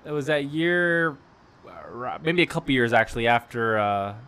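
A man's voice: mid-range voice, animated, moderate pace, bright, forceful tone, smooth. A young man as a guest in a casual chat, rambling through stories with restarts. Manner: rambling storyteller with frequent restarts and laughs.

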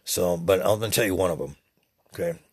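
A man's voice: low-pitched, quick pace, a little mellow, husky, no echo, clean studio sound. A man in his sixties preaching in a rambling, profane spiritual monologue as a podcast host. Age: 60s.

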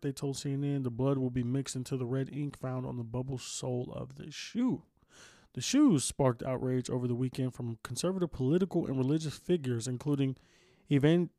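A man's voice: mid-range voice, mellow, no room sound, clean studio sound. A man hosting a casual solo podcast, rambling and groggy after just waking up, cussing a lot and stumbling over his words. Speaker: podcast host.

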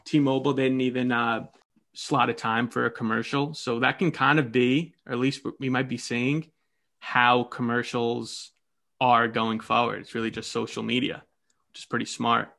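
A man co-hosting a casual podcast, talking in a rambling, halting way with many restarts. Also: medium pitch, flat delivery, creaky, bright, forceful tone. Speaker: podcast co-host.

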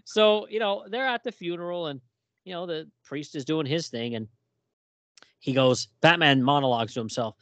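A man's voice: a little high, moderate pace, a bit bright, no room sound. A man hosting a casual chat about comic books, often laughing and acting out the lines he quotes. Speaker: podcast host.

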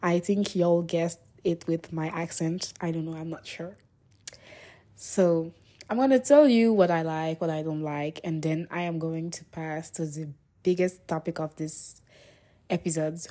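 A seventeen-year-old girl from Niger hosting her first podcast, chatty and excitable, with self-conscious asides. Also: deep voice, a little slow. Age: teens. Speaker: podcast host. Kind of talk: casual solo podcast talk.

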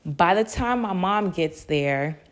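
A young woman telling a story to her listeners on a podcast. Her voice is a little low, and she talks in a loose, slangy way. She swears freely and breaks into laughter often. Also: animated, takes it slowly. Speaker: podcast host. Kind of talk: casual storytelling.

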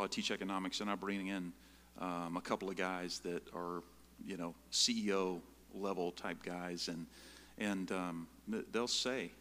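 A middle-aged man preaching a sermon full of personal stories, acting out scenes with sudden jumps in pitch and volume. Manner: animated storytelling, jumps high and loud when acting out scenes. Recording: long hall reverb.

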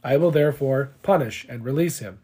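A man reading the words of Pilate, a weary Roman governor, in a measured scripture reading. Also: medium pitch, warm tone, breathy edge, lightly acted. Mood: reasoning.

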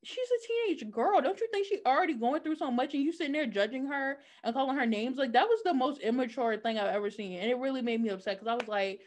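Animated woman retelling a TV episode. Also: sits high, quick pace, few pauses. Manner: animated storytelling, acting out quotes in different voices. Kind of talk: casual chat recapping a TV show.

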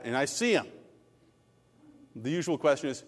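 A middle-aged man, a pastor, preaching a sermon with animated, jokey personal stories. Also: mid-range voice, moderate pace, long pauses, in a large hall. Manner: animated, jokey storytelling with laughs and asides.

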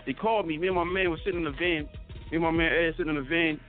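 A young man, a rapper telling stories in a casual interview, animated and slangy, stumbling over restarts. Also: a little high, very fast. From Philadelphia. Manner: animated storyteller, stammering restarts, slangy, acts out quoted voices. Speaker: rapper guest. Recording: tinny phone-like radio broadcast with faint music.

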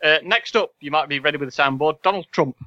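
A man's voice: on the high side, fast, bright, forceful tone, lo-fi sound, soft background music. A man hosting a casual podcast quiz, reading questions with wry, sarcastic asides. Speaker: podcast host and quizmaster.

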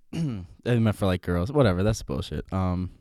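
A man's voice: low voice, lively intonation, moderate pace, warm tone, no room sound, clean studio sound. A young man chatting casually on a podcast, rambling with many fillers and restarts.

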